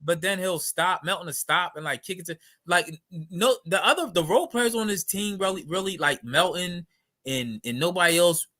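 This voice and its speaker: A man with a high, bright voice debating basketball on a podcast. He starts and restarts his sentences and cuts in on the others. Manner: halting, repeats words, interrupts. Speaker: podcast co-host. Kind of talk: heated sports debate.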